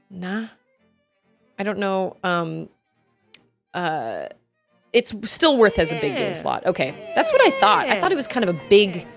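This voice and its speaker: A young woman streaming a game, chatting casually with viewers and often laughing and squealing. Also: mid-range voice. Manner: chatty, giggly, squeals excitedly at game moments. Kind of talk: casual gameplay chat with viewers.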